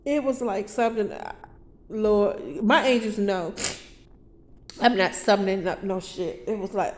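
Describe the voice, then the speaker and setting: A woman's voice: medium pitch, measured pace. A woman vlogging in a rambling, profane confessional monologue that turns to preaching, with sudden outbursts and stumbling restarts.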